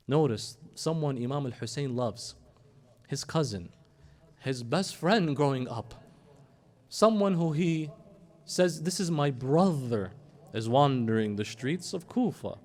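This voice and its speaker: A man preaching a sermon, telling a story and acting out the voices of its figures, and slowing into a hushed, drawn-out recitation at the emotional peak. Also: medium pitch.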